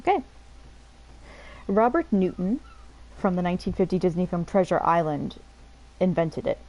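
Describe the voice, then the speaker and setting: A woman giving rambling, chatty let's-play commentary over a game, quick to laugh. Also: fairly low pitch, darkish tone, rough recording. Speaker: streamer playing a game.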